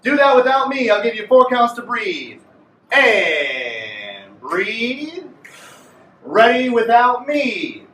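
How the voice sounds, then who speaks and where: High-voiced man coaching a clarinet class. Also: sing-song, slow pace, background noise. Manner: playful, coaching a class aloud. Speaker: music teacher. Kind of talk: group clarinet lesson. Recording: echoey room from far off.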